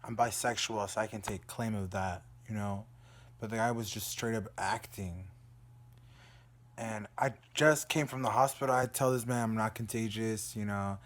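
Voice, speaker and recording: A man's voice: steady tone, normal speed. A young man from Dallas, Texas, venting in a profane, agitated video diary from his room. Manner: agitated, profane venting that trails into a low murmur. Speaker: vlogger. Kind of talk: emotional video diary rant.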